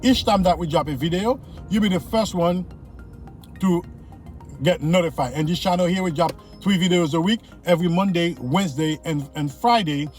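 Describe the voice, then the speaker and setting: A man's voice: high voice, normal speed, a little mellow, soft background music. A man, a driving instructor, talking viewers through city traffic from inside his car, repeating his points and checking they follow. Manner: repetitive, coaching, speaks straight to viewers. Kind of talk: casual in-car driving lesson commentary.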